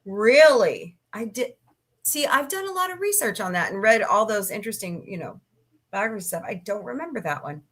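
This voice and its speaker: Goofy lady chatting on her stream, laughs a lot, reads the chat out loud. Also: medium pitch, sing-song, normal speed. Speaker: livestream host. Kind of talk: casual chat reading live comments. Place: home, cats nearby.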